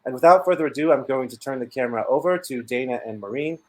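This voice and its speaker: A man's voice: mid-range voice, fast, low-quality recording. A man hosting a bookstore's online author event, reading announcements and guest introductions in a formal, scripted way. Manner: reads announcements and guest bios in an even, formal way.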